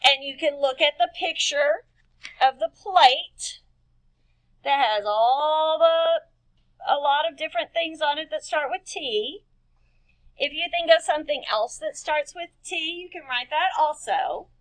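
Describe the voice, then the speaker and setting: Woman, high voice, slow unhurried pace, patient teacher, spells out letters, recorded lesson for young kids. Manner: asks children questions and answers them herself. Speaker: kindergarten-level teacher.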